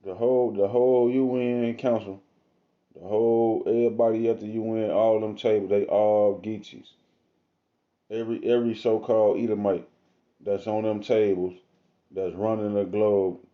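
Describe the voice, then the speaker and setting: A man reading scripture aloud in a casual, slangy manner, with drawn-out asides between the verses, recorded on a phone or webcam. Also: fairly low pitch, highs cut off. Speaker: self-styled preacher.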